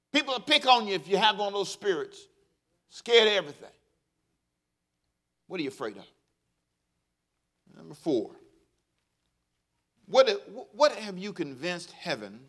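A pastor delivers a sermon in a lively, folksy style, drawing call-and-response from the congregation and chuckling at his own anecdotes. He speaks with a high voice.

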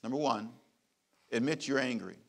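A middle-aged pastor preaches a sermon full of emphatic repeated phrases and large swings in loudness. His voice is mid-range and gravelly, at a moderate pace.

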